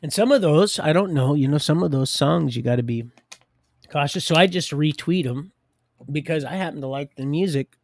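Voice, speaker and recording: Man, fairly high voice, gravelly, rambling faith talk, laughs often, dry mic. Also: normal speed, no room sound. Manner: rambling, laughing often, shifting loud and hushed. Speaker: livestream host.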